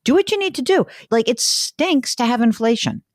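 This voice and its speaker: A woman's voice: fairly high pitch, expressive, normal speed, darkish tone, no room sound, clean studio sound. Blunt, emphatic woman radio host. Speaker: radio money show host. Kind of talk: casual call-in talk.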